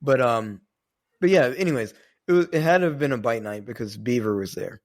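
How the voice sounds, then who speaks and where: A man's voice: medium pitch, a little fast. A man co-hosting a podcast, telling a story in a rambling, casual way, with many fillers and some swearing. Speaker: podcast co-host.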